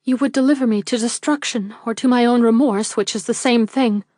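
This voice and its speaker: A woman's voice: fairly high pitch, fairly quick, a little mellow, dry recording, studio quality, natural voice. A woman voicing a distressed young woman pleading in guilt, with a tremulous voice.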